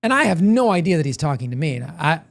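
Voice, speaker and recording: A man's voice: on the high side, sing-song, quick pace, vocal fry. A man, a show guest, chatting casually and telling a long anecdote with many restarts. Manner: rambling, laughs often, self-correcting. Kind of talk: casual chat, storytelling.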